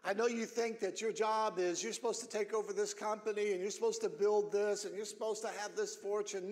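A middle-aged man preaching a sermon as pastor, earnest, repeating phrases and building up to shouted emphasis. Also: high voice, steady tone, brisk, hardly any pauses, long reverb tail. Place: church sanctuary.

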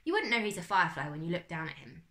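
A woman's voice: lowish voice, sing-song, rapid-fire, pushed and bright. A woman reading aloud and voicing a confident know-it-all schoolgirl in a children's story, with a lofty, matter-of-fact manner.

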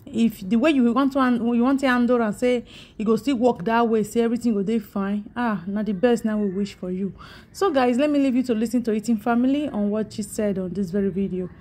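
A Nigerian woman hosts her own vlog channel, offering calm, measured advice to her viewers. Her voice is warm and mellow, pitched a little high. She talks in an easy, conversational way. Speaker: channel host. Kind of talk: vlog commentary.

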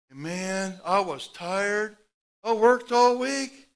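With a high, gravelly voice and a slow pace, a middle-aged man preaches as pastor. His storytelling swings animatedly between loud outbursts and hushed asides.

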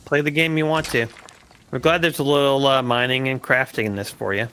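A man's voice: medium pitch, fairly even intonation, a little fast, bright, forceful tone, a little hiss or hum. A man co-hosting a game stream, reading viewer comments and teasing his friend with wisecracks. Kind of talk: casual let's-play chat.

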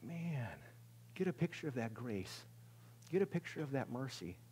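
A male pastor giving a conversational sermon in a church service, swinging from loud exclamations to hushed near-whispers and laughing at himself. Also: mid-range voice, big pitch swings, moderate pace, slight background noise.

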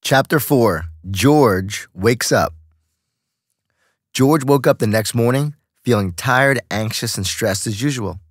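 This is a male audiobook narrator with a mid-range voice, keeping his reading steady and measured. There's no room sound, and the quality is studio-grade.

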